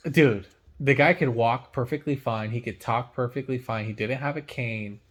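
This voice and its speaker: A young man, a mechanic, casually telling a story in loose slang, animated and laughing, with big swings between loud and quiet. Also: mid-range voice, moderate pace. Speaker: mechanic and channel host.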